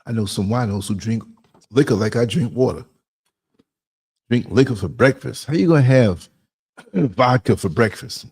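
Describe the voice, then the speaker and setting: A man's voice: medium pitch, moderate pace, long pauses, a little mellow, slightly rough. Chatty man hosting a livestream. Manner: chatty, laughs often, reads out chat comments. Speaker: podcast host. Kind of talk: casual livestream talk.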